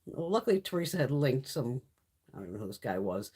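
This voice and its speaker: Woman, middle-aged, husky, animated pitch, casual live-stream chat, blunt, swears a lot. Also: fast talker. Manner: chatty and blunt, swears freely, laughs often. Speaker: beauty YouTuber hosting a live stream.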